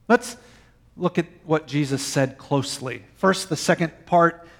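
A man preaching a sermon, swinging from emphatic lines to soft, quiet phrases. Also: fairly high pitch, moderate pace. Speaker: pastor.

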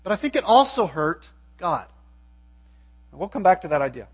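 A man's voice: sits high, big pitch swings, moderate pace, husky. A man preaching a sermon, reading scripture and asking his listeners pointed questions. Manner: emphatic, asks the audience questions.

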